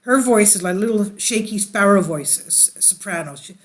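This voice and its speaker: Unhurried alto woman sharing testimony. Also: mid-range voice, expressive. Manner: unhurried, rambling, with restarts. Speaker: church leader. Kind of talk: personal testimony and reading an article aloud.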